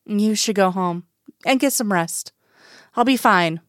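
A woman's voice: mid-range voice, unhurried, fairly bright tone, no room sound, studio quality, close to an everyday voice. Scully, read by a woman as a tired, guarded doctor. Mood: weary. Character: weary, stubborn woman doctor, seriously ill.

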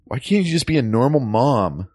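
A man's voice: sing-song, moderate pace, a little mellow, slightly rough. A man voicing a sulky eleven-year-old boy who is tired of his tough mother, in an improvised comedy bit. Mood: exasperated. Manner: whiny, pleading, raised high voice. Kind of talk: improvised comedy role-play.

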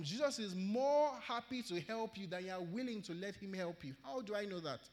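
High-voiced preacher with a Nigerian accent. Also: male voice, lively intonation, moderate pace, hardly any pauses, a little mellow. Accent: Nigerian English. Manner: earnest, exhorting, repeats key phrases. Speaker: pastor. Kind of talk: sermon. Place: church hall. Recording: long church hall reverb.

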